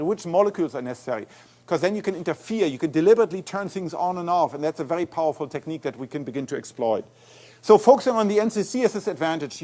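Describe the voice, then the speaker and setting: German-accented guy lecturing on science, fairly high voice, lively, keeps restarting mid sentence. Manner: animated, explanatory, frequent restarts and repeated words. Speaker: guest lecturer, neuroscientist. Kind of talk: academic lecture. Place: lecture hall.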